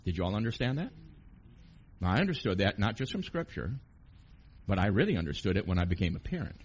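Man, preacher, husky low voice, emphatic sermon, dull lo-fi sound. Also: big pitch swings, quick pace. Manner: emphatic, rising to loud peaks with questions to the congregation.

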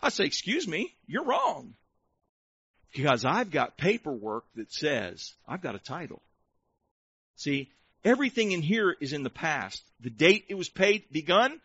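A man preaching a sermon, calling for amens and shouting praise, slowing down to stretch key words for emphasis. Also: high voice, very animated, dry recording, dull audio. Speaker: pastor.

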